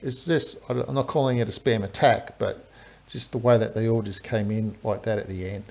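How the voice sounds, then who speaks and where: A man giving casual live commentary on a strategy game, breaking down attacks with fillers and sudden bursts of excitement. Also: lowish voice, fairly quick, creaky. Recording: dull lo-fi stream audio.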